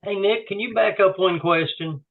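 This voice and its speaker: A man's voice: high-pitched, normal speed, gravelly, narrow, tinny audio. A man in the class who politely asks the instructor to go back to an earlier question. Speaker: class participant.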